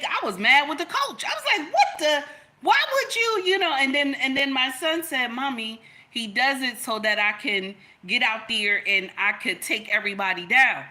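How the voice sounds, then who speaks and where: A woman speaks in a bright, somewhat high voice. She tells stories as she makes a point and comes back to the same lines again and again for emphasis, in the way of a casual opinion vlog. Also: moderate pace. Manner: emphatic, storytelling, repeats points. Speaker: content creator.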